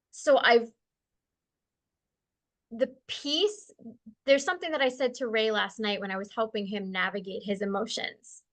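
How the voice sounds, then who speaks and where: Telling a personal story about a spiritual experience as a guest, a woman speaks in a bright, slightly raised voice on the high side. She's casual, animated and expressive, laughs easily, and slows and softens when she moves to calmer thoughts.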